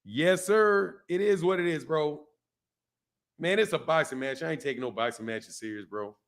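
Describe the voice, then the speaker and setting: A man's voice: fairly high pitch, normal speed. Slangy older man hosting a boxing stream. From Omaha, United States. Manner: slangy, loose, laughing, reacting to chat. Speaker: boxing livestream host. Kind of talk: casual livestream chat.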